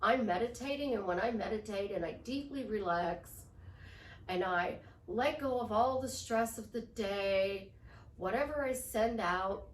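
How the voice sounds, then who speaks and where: A woman life coach giving casual relationship advice in an animated way, often slipping into little role-play voices. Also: medium pitch, unhurried, echoey room, distant mic, a little hiss or hum.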